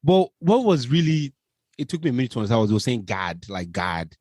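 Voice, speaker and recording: Man, expressive chat. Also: on the high side, rapid-fire, no echo. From Nigeria. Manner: conversational, asks follow-up questions, wry. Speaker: podcast co-host. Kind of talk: casual chat.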